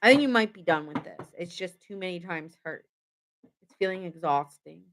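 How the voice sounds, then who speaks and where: A woman's voice: on the low side, expressive, moderate pace, background noise. A young woman giving a casual live tarot reading. She rambles, laughs often and chats with her viewers. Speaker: tarot reader.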